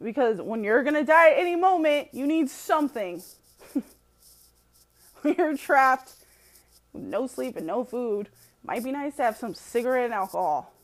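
A woman delivering a casual opinion monologue in a high, bright-pitched voice. Her pitch swings widely as she punches words with emphasis and frequent swearing. She breaks into short laughs between points. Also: animated, moderate pace, pauses often. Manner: profane, emphatic, laughs often. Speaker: commentator.

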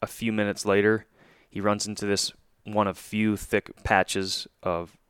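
Smooth-voiced man retelling a hunt. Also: lowish voice, measured pace, dry recording, clean studio sound. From Michigan. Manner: animated retelling with restarts and quoted dialogue. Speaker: hunting podcast co-host. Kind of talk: casual storytelling chat.

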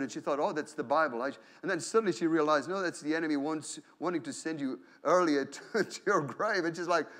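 A male pastor preaching a sermon in church, animated, acting out quoted prayers and inner voices, often repeating and restarting phrases. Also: a little high, brisk, few pauses.

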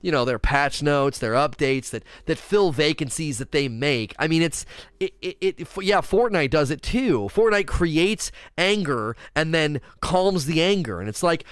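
A man streaming games casually gets animated and ranty, reading questions from chat out loud before responding. He speaks a little high at a moderate pace, with a clean tone and no echo.

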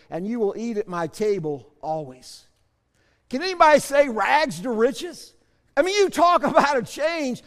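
A man pastor preaching a sermon, moving between soft asides and loud shouted bursts. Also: very high-pitched, in a large hall.

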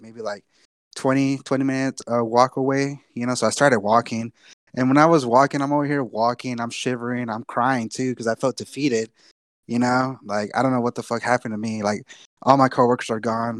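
A man's voice: medium pitch, steady tone, a little fast, dry recording, clean studio sound. Casual, swearing young man telling a story. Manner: loose, profane, repeats himself. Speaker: podcast co-host.

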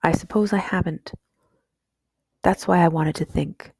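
A woman's voice: on the low side, fairly even intonation, unhurried, creaky, a little mellow, slightly rough, no echo, full character voice. A woman reading an audiobook, voicing a sickly young boy who speaks seriously and thoughtfully.

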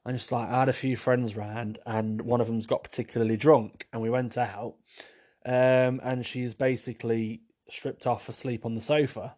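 Flat and moderately paced, this podcast host's medium-pitched voice has a darkish tone. Alone at the mic, he loosely answers listener questions, wandering off track, saying things twice and making wry jokes at his own expense.

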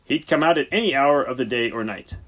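A man voicing an exasperated senior country vet in an audiobook, in a brusque, preachy, theatrical manner with a husky voice. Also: mid-range voice, a little fast, fairly bright tone, voice pushed up, close to an everyday voice. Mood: grumbling. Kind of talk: audiobook character voice.

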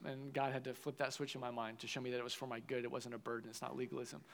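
A young adult man preaching a sermon, telling a personal story in an animated way and acting out the dialogue. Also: medium pitch, racing, vocal fry. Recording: long reverb of a large hall.

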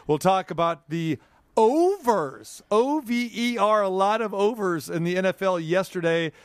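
High-voiced, chatty sports radio host man. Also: expressive, a little slow, clean tone, dry recording. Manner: chatty, jokey, rambling asides. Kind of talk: casual sports talk. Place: radio studio.

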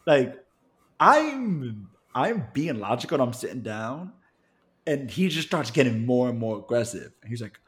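Animated, profane young man telling a story. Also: medium pitch, measured pace. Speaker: podcast co-host. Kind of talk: casual storytelling chat.

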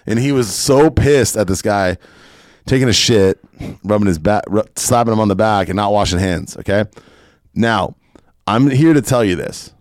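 A man with a fairly low voice rants through a casual podcast, swearing freely and hammering his points home. The sound is dry and close, with no room around it. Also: moderate pace, no room sound. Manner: profane, emphatic ranting. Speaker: podcast host. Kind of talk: casual opinionated podcast rant.

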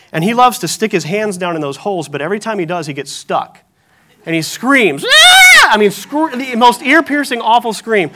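A male pastor delivers a sermon in a notably high voice. His tone is bright and forceful, and he tells stories with lively, self-mocking humor. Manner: animated storytelling with self-deprecating humor.

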